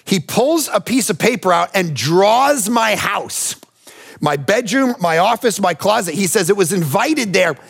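High-voiced, gravelly male preacher. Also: animated, measured pace. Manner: conversational, emphatic, often addresses listeners directly. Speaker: pastor. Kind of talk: sermon with personal storytelling.

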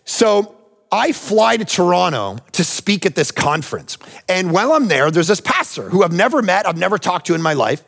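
High-voiced, gravelly male preacher. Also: big pitch swings, moderate pace, a bit bright. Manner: conversational, emphatic, often addresses listeners directly. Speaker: pastor. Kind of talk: sermon with personal storytelling.

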